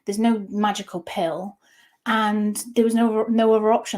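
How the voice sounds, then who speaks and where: A woman in her thirties, an interview guest candidly telling a personal story, halting with frequent restarts. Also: mid-range voice, fairly even intonation, a little mellow.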